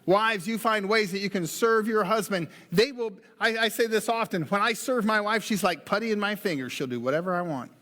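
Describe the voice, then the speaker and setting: Folksy pastor with a high voice. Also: male voice, brisk, few pauses, pushed and bright, long reverb tail. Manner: folksy, joking asides. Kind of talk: sermon. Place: church sanctuary.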